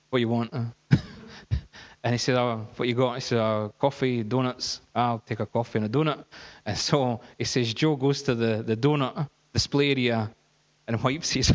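A man preaching, telling a story in a lively, anecdotal way with laughs and fillers. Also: mid-range voice. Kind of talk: sermon storytelling. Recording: dull, echoey hall.

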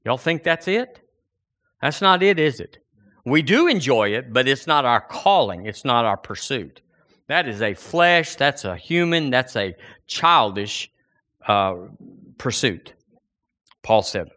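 A man preaching a sermon in an animated way, his voice rising and falling as he quotes scripture and questions the congregation. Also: unhurried. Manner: animated preaching, swinging pitch and volume.

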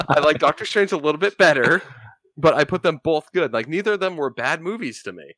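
Man, podcast co-host, bright voice, hedging, rambling, dry close sound. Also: a little high, expressive, fairly quick, no echo. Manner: hedging, easygoing, rambles with restarts. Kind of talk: casual podcast chat.

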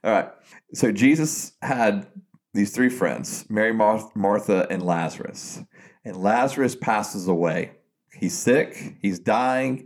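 A man co-hosting a podcast, chatting casually about faith and retelling a story with frequent restarts. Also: on the low side. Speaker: podcast co-host.

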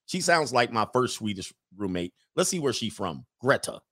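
A man's voice: mid-range voice, normal speed, no room sound, studio quality. Joking man hosting reaction commentary. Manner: joking, animated, laughs often. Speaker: host.

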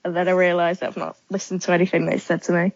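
A woman guest on a podcast chats in a relaxed way, answering with plenty of ums. Her voice sits a little low, dry and close, and the sound is slightly dull and lo-fi. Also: rapid-fire, no echo. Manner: relaxed, chatty, many ums. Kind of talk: casual interview chat.

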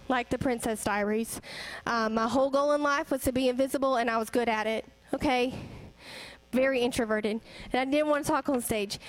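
A woman's voice: sits high, low-quality recording. A young woman giving a conversational sermon, asking the congregation rhetorical questions. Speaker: church speaker.

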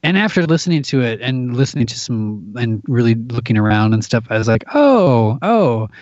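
A man's voice: mid-range voice, fairly quick, no room sound, highs cut off. A man who works as an actor and audiobook narrator, chatting animatedly as a podcast guest and laughing often. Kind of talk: casual conversation.

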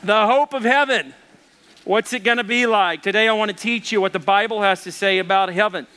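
A man's voice: high voice, fairly quick, pushed and bright, clean tone. A man preaching a sermon as pastor, telling jokes and stories. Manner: storytelling with jokes.

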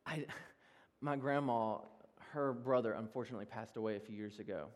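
A young male pastor preaching a sermon, telling self-deprecating personal stories in an animated way with frequent laughs. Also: mid-range voice, moderate pace. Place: large church hall. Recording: long reverb of a church hall.

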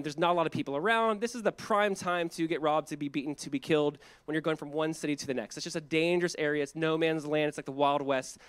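A man preaching a sermon with a slightly high voice. He talks in a loose, conversational way, acting out quotes with lively swings in his voice. His delivery stays animated and direct. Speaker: pastor.

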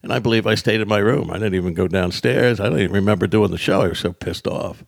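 A lowish, gravelly male voice recorded dry and close on a podcast mic. A comedian spins road anecdotes, slipping into quick impressions of the people in them. He breaks into his own laughter now and then. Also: no echo. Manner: lively raconteur who acts out others' lines and laughs at his own tales. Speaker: stand-up comedian, podcast guest. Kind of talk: casual storytelling interview.

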